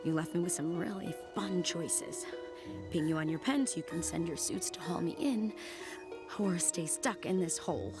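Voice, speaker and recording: An actress playing a hurt, stranded young female thief in a cartoon, speaking quietly and bitterly. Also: on the low side, normal speed, natural voice. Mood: bitter, weary. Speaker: cartoon character. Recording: cartoon clip under loud background music, mic at a distance.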